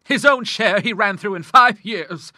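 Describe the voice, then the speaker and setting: A man's voice: high-pitched, measured pace, bright, forceful tone, dry recording, studio quality, voice pushed up, heavily acted. A man reading an audiobook, voicing a stern, grim middle-aged woman who speaks severely and with scornful emphasis. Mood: vehement.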